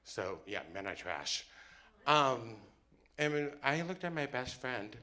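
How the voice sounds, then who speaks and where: Animated bright-voiced male storyteller. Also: medium pitch, slow. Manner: animated, comic, acts out dialogue. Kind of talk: live storytelling performance.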